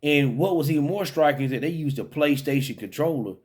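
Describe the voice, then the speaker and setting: A man's voice: fairly high pitch, lively intonation, brisk, breathy edge. A man giving casual, rambling commentary to his own channel, full of fillers and restarts, with an incredulous, head-shaking tone. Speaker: vlogger.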